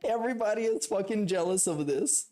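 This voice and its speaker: A man's voice: high-pitched, a little fast, warm tone, soft background music. A male streamer in live reaction commentary who rants in a profane, scornful, mocking way.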